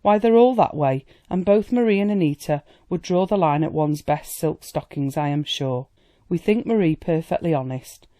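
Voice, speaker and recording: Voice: mid-range voice, animated, moderate pace, mellow, no echo, close to an everyday voice. A reader voicing a gushing society lady. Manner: chatty and amused, affectionate. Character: worldly society woman, indulgent and gushing.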